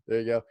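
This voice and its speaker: A man's voice: mellow, no room sound. A young man hosting a podcast in casual chat, laid-back and profane, laughing often. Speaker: podcast host.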